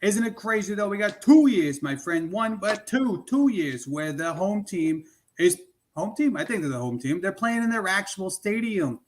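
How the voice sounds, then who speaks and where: A man's voice: high voice, animated, moderate pace. A man putting on a swaggering sports-fan bro. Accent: put-on East Coast accent. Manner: swaggering, addresses everyone as buddy and friend. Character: brash loud male sports fan, boastful. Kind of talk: comedic improv character.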